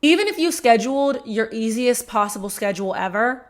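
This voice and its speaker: A woman's voice: fairly high pitch, lively intonation, fairly quick. A woman hosting a solo sports podcast, giving sassy, blunt commentary with casual swearing and mocking asides. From Georgia fan. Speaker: podcast host.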